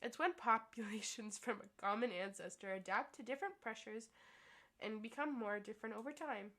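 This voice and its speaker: A cheeky, clowning teenage schoolgirl from a game story, played by a woman. She teases and jokes, voice bouncing a little high. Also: normal speed, fairly bright tone. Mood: playful. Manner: playful, joking, silly voices.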